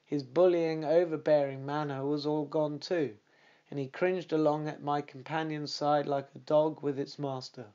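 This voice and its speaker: A man narrating a classic detective audiobook in a steady, measured way. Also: a little high, muffled recording.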